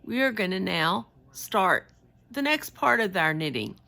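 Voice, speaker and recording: This Southern US vlogger's voice is medium-pitched, gravelly, pushed, and bright, with expressive delivery at a slightly slow pace. She chats casually and folksily with viewers while knitting, rambling as she goes.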